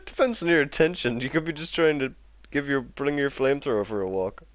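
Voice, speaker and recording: A man with a mid-range voice co-hosts a relaxed podcast chat. He is laid-back and dry, laughing often, and his voice sounds close and dry. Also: medium pitch, fairly quick, no room sound. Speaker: podcast co-host. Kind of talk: casual chat.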